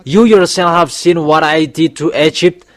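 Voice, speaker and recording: Male preacher, slightly high-pitched, exhorting and repetitive, pushes up hard on warnings. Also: steady tone, normal speed, no room sound. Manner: emphatic exhorting, voice rising on warnings; repetitive, with fillers and restarts. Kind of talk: sermon.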